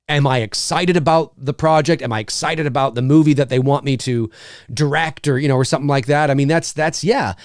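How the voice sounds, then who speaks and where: A man's voice: medium pitch, a little mellow, no echo. A man hosting a casual livestream from a home studio, rambling and joking as he reads viewer comments on a studio mic. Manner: rambling, joking, lots of fillers. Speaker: livestream host. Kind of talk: casual live chat reading comments.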